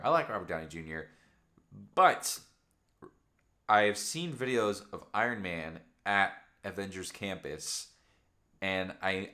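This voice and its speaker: A young man hosting a late-night livestream at home, rambling excitedly about shows in casual chat through a camera microphone. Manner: excited, rambling fan chatter with lively swings in pitch. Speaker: livestream host.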